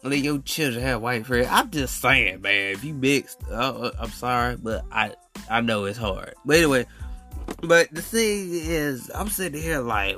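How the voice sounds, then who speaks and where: Bright-voiced man ranting on a podcast. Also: medium pitch, measured pace, soft background music. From Alabama. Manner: animated, blunt, slangy storytelling. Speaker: podcast host. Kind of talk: solo podcast rant.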